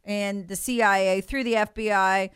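A woman's voice: mid-range voice, fairly even intonation, normal speed, fairly bright tone, clean tone, no room sound, studio quality. A woman giving emphatic, indignant political commentary on a talk show, mocking the officials she quotes.

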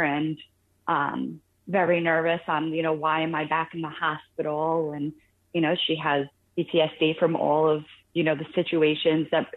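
A woman calling in to a radio show, telling a caregiving story in an earnest, halting way with many restarts. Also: low voice. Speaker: caller sharing a caregiving story. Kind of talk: phone-in radio conversation. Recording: tinny phone line.

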